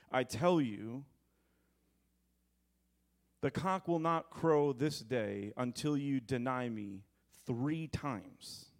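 A pastor in his thirties preaches slowly and expressively in a mid-range voice. He reads scripture, adds chatty, joking asides, and gets the congregation to repeat words back.

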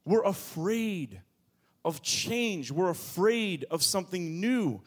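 A man preaching a sermon as pastor, moving between quiet low asides and loud, high bursts of emphasis. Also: expressive, slow pace. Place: church.

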